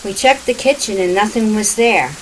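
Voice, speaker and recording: A woman reading her own first-person ghost story aloud in a plain, steady way. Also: mid-range voice, moderate pace, a little hiss or hum, poor audio. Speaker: author and narrator.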